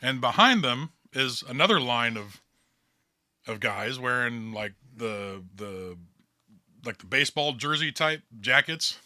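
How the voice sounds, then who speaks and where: Bright-voiced man narrating a game. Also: medium pitch, expressive, a little slow, no echo, clean studio sound. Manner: loose, chatty narration. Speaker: storyteller.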